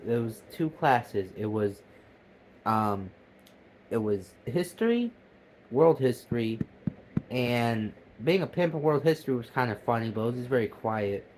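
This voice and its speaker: A man's voice: medium pitch, a little hiss or hum, poor audio. A young man vlogging at home, telling a rambling story with lots of swearing and stammered restarts. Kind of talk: casual storytelling.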